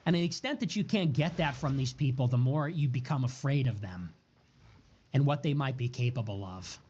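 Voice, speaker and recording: With a mellow, mid-range voice, lively intonation and a fairly quick delivery, a man streams a fiery political monologue full of repeated, stacked words and profane bursts. The lo-fi sound is dull, with slight background noise.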